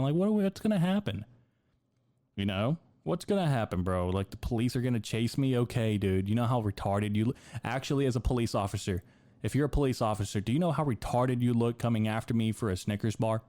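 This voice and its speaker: A man's voice: fairly low pitch, darkish tone, no echo. A young man from the United States hosting a podcast, rambling through a crude, profane comedic monologue full of dude and bro. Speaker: podcast host.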